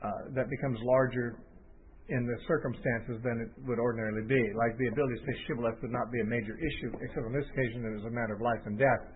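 A man's voice: medium pitch, steady tone, fast talker, slight background noise. A man teaching a Bible passage off the cuff, thinking aloud with restarts and fillers. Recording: tinny phone-line audio.

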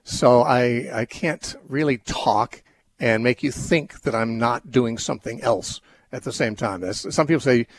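Male call-in host, husky voice, musing and meandering, mid-pitched, explains scripture off the cuff. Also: a little slow. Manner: thoughtful, rambling with many restarts and fillers. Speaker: radio Bible-teaching call-in host. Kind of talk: unscripted call-in Bible answers.

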